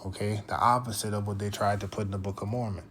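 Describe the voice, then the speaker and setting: A man with a fairly low voice teaches from scripture and reads passages in older biblical wording. He keeps pausing on "okay?" and "all right?" as he goes. A faint hiss of noise runs under the recording. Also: fairly even intonation, fairly bright tone. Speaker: religious teacher.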